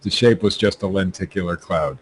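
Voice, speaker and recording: A man co-hosting a podcast, reading news stories aloud in a halting way with many fillers and laughs. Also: low voice, breathy edge.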